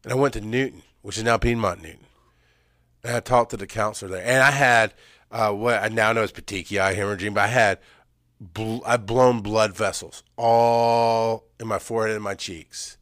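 A man telling an emotional personal story, swinging from loud, urgent emphasis to hushed, halting recall. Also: fairly low pitch, fairly even intonation, dry recording, studio quality. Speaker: speaker sharing personal story.

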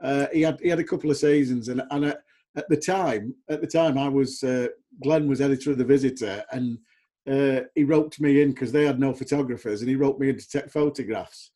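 Man, middle-aged, football chat host, husky, mellow tone, chatty, animated storyteller. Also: medium pitch, brisk. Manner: chatty, animated storyteller who mimics others. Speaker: podcast host.

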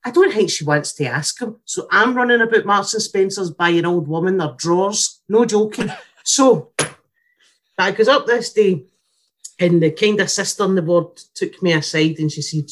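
A Scottish woman telling a comic story in a casual, sweary, blunt and animated way. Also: mid-range voice, normal speed.

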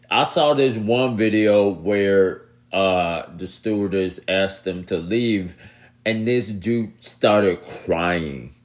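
A man talking straight to his audience in casual commentary, animated, laughing and repeating himself. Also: fairly low pitch. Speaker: vlogger.

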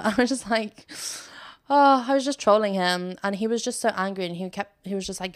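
A woman's voice: mid-range voice, a little fast, clean tone, no room sound, clean studio sound. Giggly, sweary young British woman. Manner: giggly, sweary, chatty storytelling. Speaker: podcast host. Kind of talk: casual solo podcast chat.

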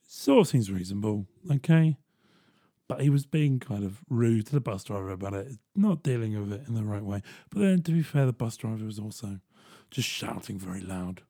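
A young man telling a personal story in a casual, animated way, swearing freely. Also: on the low side, normal speed, slightly rough, no echo, clean studio sound. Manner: animated, swearing, chuckling asides.

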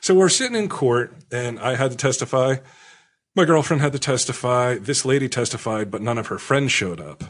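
A man telling a rambling story in casual chat, crude and animated, acting out the people he quotes. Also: medium pitch, normal speed.

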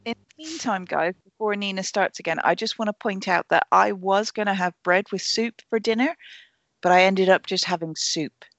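A woman's voice: mid-range voice, moderate pace, no room sound. A woman co-hosting a casual podcast, joking playfully with friends. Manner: playful, animated banter. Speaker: podcast co-host. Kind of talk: casual chat. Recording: dull, dry lo-fi mic.

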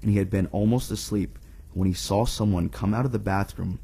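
A man with a lowish, husky voice tells a spooky campfire story on a podcast. He reads it aloud in a relaxed, profane, casual way. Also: a little fast. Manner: profane, laid-back. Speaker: podcast co-host telling a scary story.

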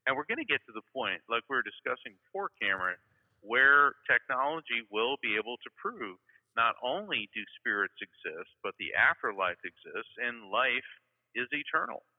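A man's voice: mid-range voice, big pitch swings, normal speed. A man from Florida, a psychic medium, telling stories in a casual interview, rambling with many fillers and restarts. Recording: tinny phone-like line with long reverb.

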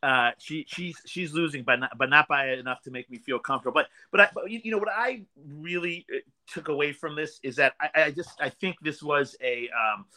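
A man co-hosting a podcast, chatting casually about politics with lots of restarts and halting phrasing. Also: fairly high pitch, bright, forceful tone. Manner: halting, many restarts and fillers. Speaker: podcast co-host.

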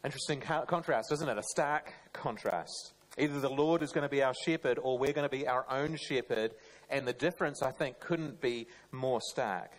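A man's voice: mid-range voice, a little mellow, poor audio. Guy giving a chatty sermon, earnest, keeps restarting his sentences. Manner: earnest, plain-spoken, often restarts mid-phrase. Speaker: preacher. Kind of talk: conversational sermon.

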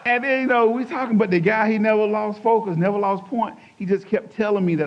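A man, a pastor telling his testimony in an animated, colloquial way, acting out the quotes. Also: high-pitched, a little fast, few pauses. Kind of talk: personal testimony storytelling. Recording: dull lo-fi recording.

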